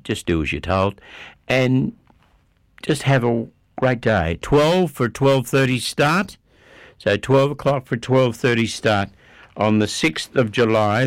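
An Australian man presenting announcements on community radio in a chatty way, repeating details and pausing with fillers. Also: on the low side, no echo. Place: radio studio.

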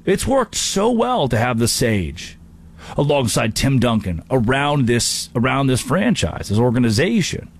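Man, sports talk host, animated monologue, playful, mid pitch. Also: measured pace, husky. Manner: animated, jokey, tosses in brief impressions.

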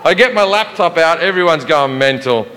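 Brash comedian with a rather high voice. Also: male voice, expressive, moderate pace, sharp tone, in a large hall. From Australia. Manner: swearing, brash, rambling anecdote. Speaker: stand-up comedian. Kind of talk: stand-up comedy storytelling.

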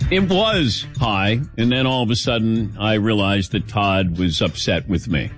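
A middle-aged man hosts a sports talk show with wry, teasing humor. His voice swings through a wide, lively pitch range. The banter stays loose, unhurried and conversational. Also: faint music behind. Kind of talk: casual radio banter.

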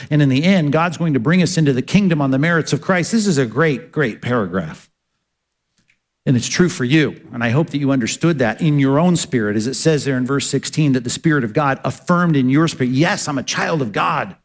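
A man preaching a sermon as a pastor, teaching earnestly and answering his own rhetorical questions. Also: a little high.

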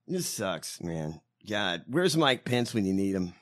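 Animated, swearing man riffing. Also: low voice, measured pace. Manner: animated, profane, riffing jokes. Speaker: podcast co-host. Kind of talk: casual political chat.

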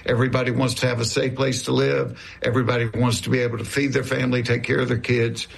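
A man's voice: medium pitch, little pitch movement, fast talker, vocal fry, a little hiss or hum. A man in his sixties with a Southern US accent, a comedian telling stories in a folksy, easygoing way during an interview. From American South. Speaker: comedian guest. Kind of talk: conversational interview storytelling.

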